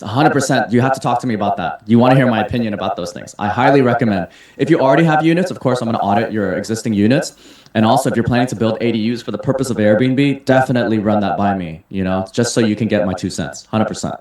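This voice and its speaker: In a casual webinar Q&A, the host and mentor takes questions from his audience and responds with salesy enthusiasm. He speaks at a fairly low pitch with a slightly mellow quality, captured with roomy echo.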